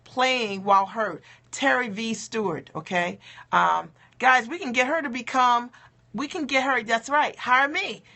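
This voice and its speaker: A woman's voice: on the high side, a little slow, gravelly, bright, forceful tone. A woman coach giving an upbeat, encouraging motivational talk on a livestream, often checking in with "okay?" and "right?". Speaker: coach for mothers in business.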